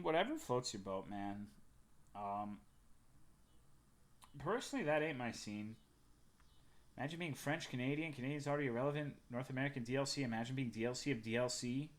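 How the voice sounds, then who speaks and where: A man's voice: mid-range voice, expressive, moderate pace, long pauses. A young man from Texas, a livestreamer chatting casually with his viewers in a loose, profane and joking way.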